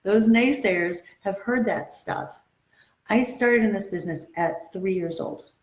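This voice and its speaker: A woman's voice: medium pitch, unhurried, reverberant. A woman acting and modeling coach giving an upbeat, motivational webinar talk, stressing and repeating her key points.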